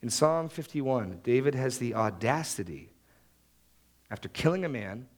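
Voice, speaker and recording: A man's voice: medium pitch, expressive, a little slow. A married man preaching a sermon, acting out the prayers and excuses he quotes. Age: adult, married. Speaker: pastor.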